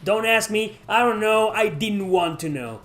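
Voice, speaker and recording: A man's voice: sits high, a little slow, a bit bright. A man casually answering chat questions on a livestream, rambling and swearing freely.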